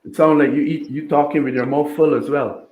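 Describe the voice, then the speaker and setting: A man's voice: a little high, fairly even intonation, fairly quick, narrow, tinny audio. A man arguing indignantly and lecturing the others in a heated casual argument. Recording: echoey room with faint noise.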